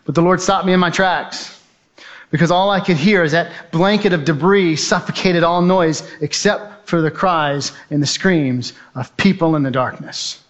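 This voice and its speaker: A man's voice: fairly high pitch, moderate pace, highs cut off. A man giving a testimony as a speaker, telling his story vividly and urgently and acting out the voices in it. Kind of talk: dramatic personal storytelling speech.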